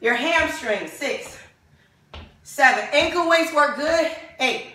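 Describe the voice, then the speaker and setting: A high-voiced woman runs a home workout class, counting reps and urging everyone on while she exercises and gets winded. She speaks slowly and brightly. The sound is very echoey, and she is some way from the mic. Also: lively intonation, recorded from a distance, slight background noise. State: out of breath during exercises. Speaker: fitness instructor. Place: home room with dogs.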